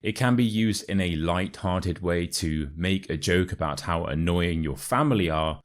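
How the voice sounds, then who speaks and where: With a modern RP British accent and a low voice, a man teaches English expressions through pronunciation drills. He repeats phrases slowly and clearly to show how they sound, adding light, playful asides.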